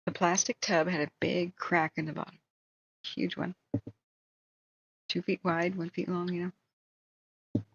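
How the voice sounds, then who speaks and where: A woman's voice: lowish voice, measured pace, creaky, long pauses, slightly rough, dull audio. A woman hosting a livestream, telling a long story in a casual, rambling way and breaking off for asides. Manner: rambling, animated retelling with asides. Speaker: livestream host.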